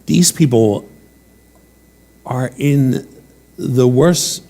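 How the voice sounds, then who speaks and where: A man preaching from the pulpit, unhurried and deliberate, each phrase set down with room to breathe. He leans on repeated rhetorical questions and moves into softer personal stories with the odd filler. His voice sits at an ordinary middle pitch for a man. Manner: slips into quieter personal storytelling with fillers. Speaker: pastor. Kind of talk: sermon.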